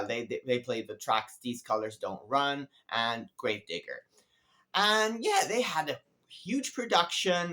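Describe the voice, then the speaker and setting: A man of middle pitch reviews a concert in a relaxed, unhurried vlog. He muses aloud, pausing often and circling back to restart his thoughts. His delivery stays slow and easygoing throughout. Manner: unhurried and musing, many pauses and restarts. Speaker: music vlogger.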